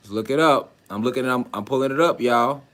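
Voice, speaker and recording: A man's voice: medium pitch, fairly quick, a bit bright. A man giving a preachy spiritual lecture online, insistent and emphatic, who keeps firing rhetorical questions at his listeners.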